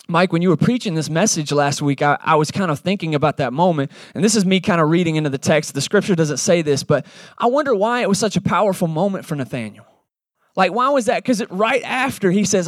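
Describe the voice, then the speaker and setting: Pastor guy, high voice, chatty sermon, acts out the characters. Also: expressive, no room sound, studio quality. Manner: conversational, acts out Bible characters in quick voices. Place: church service in a cinema.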